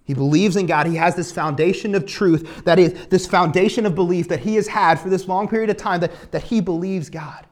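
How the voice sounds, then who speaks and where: A man preaching a sermon, retelling Bible stories in a casual, animated way and acting out the characters. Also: high voice. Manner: animated storytelling, acts out biblical characters casually. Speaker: pastor.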